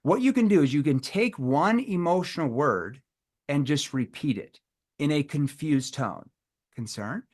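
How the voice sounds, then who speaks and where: Animated male sales trainer. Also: on the high side, measured pace. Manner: animated, acts out playful quotes. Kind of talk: live sales training talk.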